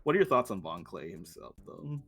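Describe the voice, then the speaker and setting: A man hosts a relaxed live stream, chatting with a guest and with his viewers. He laughs easily between remarks, and faint music plays in the background. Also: lowish voice, fairly quick, vocal fry, breathy edge. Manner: laughs often, talks to his chat. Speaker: streamer host. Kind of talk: casual stream chat.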